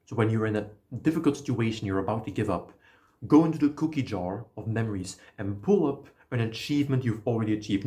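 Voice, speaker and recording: A man giving a casual, energetic motivational talk, explaining ideas and swearing now and then. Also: on the low side. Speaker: self-help video creator.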